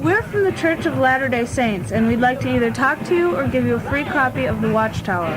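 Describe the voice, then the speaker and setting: A woman playing a brisk female library police sergeant in a student radio comedy sketch, clipped and commanding. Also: sits high, animated, over music, rough recording.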